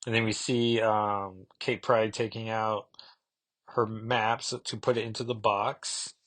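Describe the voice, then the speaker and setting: A man's voice: fairly low pitch, little pitch movement, slow, a bit bright, dry recording. A man hosting a podcast who reviews a comic book casually, rambling and correcting himself as he thinks aloud. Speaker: podcast host.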